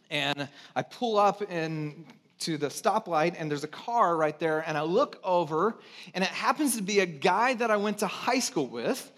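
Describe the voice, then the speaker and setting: A man's voice: fairly high pitch, a bit bright. A man in his thirties from California, preaching a sermon as a pastor in a conversational storytelling way with self-mocking humor.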